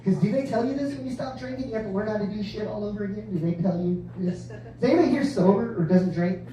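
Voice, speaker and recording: A man's voice: sits high, fast talker, dark tone. Man, stand-up comedian, rambling, profane, echoey club, heard from far off. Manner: profane, rambling, laughs at his own jokes. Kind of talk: stand-up set.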